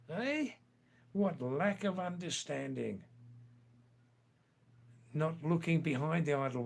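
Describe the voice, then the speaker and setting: Unhurried and slow, an older livestream host answers the comments he reads aloud with teasing, playful quips. His voice stays at an ordinary middle pitch.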